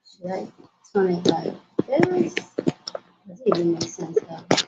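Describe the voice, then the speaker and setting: Excitable woman live-streaming, slow-spoken, dull lo-fi phone sound. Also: lowish voice, very noisy. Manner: hyper, excitable, loud. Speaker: livestream host. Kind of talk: casual live-stream chat. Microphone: mobile phone. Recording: roomy, dull lo-fi phone audio.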